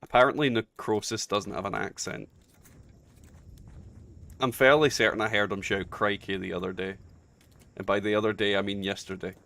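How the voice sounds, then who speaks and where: A man's voice: lowish voice, fairly even intonation, normal speed, gravelly, pauses often, a bit bright, soft background music. A man with a Scottish accent, chatting and bantering casually while playing a game, swearing freely and laughing often. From Scotland. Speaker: streamer.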